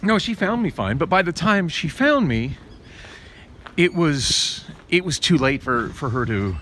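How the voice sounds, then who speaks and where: A man's voice: sing-song, a little slow, a bit bright. A man vlogging a rambling story about a bad ride, full of restarts and fillers. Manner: rambling, many restarts and fillers, rising pitch when agitated. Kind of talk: casual storytelling rant. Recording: noisy background.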